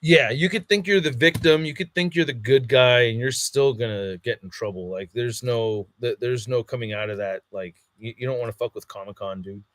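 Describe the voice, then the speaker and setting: A man's voice: medium pitch, moderate pace, few pauses, a bit bright, dry recording. A man on a podcast, telling a heated story in casual chat, swearing a lot and acting out what people said. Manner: heated storytelling, heavy swearing, acts out quotes. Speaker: podcast co-host.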